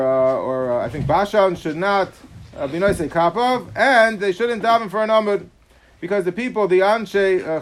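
Fast-talking, high-voiced rabbi teaching Talmud. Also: male voice, a little hiss or hum. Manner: rapid explanatory delivery with Hebrew terms and fillers. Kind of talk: Talmud lecture.

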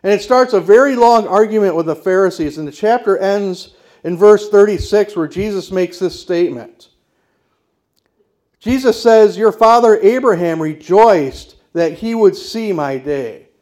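A man's voice: high-pitched, measured pace, darkish tone. A man preaching a sermon as pastor, emphatic and declarative, putting rhetorical questions to the congregation.

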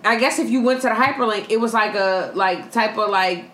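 Woman co-host, mid-pitched, relaxed and dry, echoey room. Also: fairly quick, a little hiss or hum. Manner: relaxed, dry asides, recounts news. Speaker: podcast co-host. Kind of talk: casual chat.

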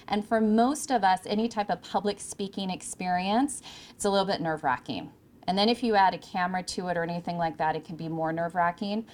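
A communication coach from California speaks to a live room of interns in an emphatic, clear presenter's voice. Her pitch sits in the middle of the range, and she varies her pacing, leaning on key words. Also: darkish tone. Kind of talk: workshop talk to interns.

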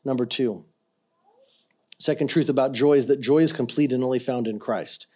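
A middle-aged man preaching a sermon as pastor, swinging between quiet earnest stretches and loud, impassioned ones. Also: medium pitch, moderate pace.

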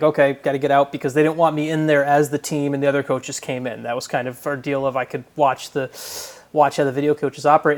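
A man, a guest reporter, telling a story in casual podcast talk, rambling with restarts and laughing along. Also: on the high side.

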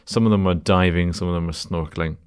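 A young man tells a story with a very low, deep voice. His delivery is dry and self-mocking, and he keeps a casual podcast chat rolling along. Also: steady tone, fast, a little mellow, smooth.

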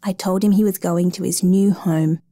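A woman voicing a gentle foster mother saying goodbye to a little boy, in a storybook reading. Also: lowish voice, fairly even intonation, normal speed, dry recording, lightly acted. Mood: fond.

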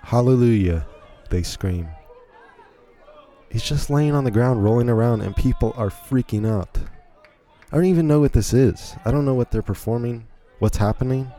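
A man's voice: mid-range voice, moderate pace, warm tone, some chatter behind. A man hosting a podcast, giving incredulous, rambling play-by-play commentary on a video in a casual way. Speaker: podcast host.

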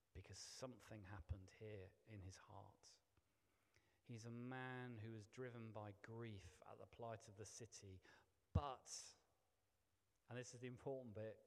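A middle-aged man, a vicar, preaching a sermon in a chatty, self-deprecating way with many restarts. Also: mid-range voice. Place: church hall. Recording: long hall reverb.

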